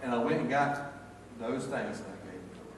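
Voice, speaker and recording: A man's voice: medium pitch, fairly quick, slight background noise. An older man with a Southern American accent preaching a folksy sermon full of personal stories, with rambling restarts. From North Carolina, USA. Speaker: pastor. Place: church sanctuary. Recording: echoey church hall, mic far off, faint ambience.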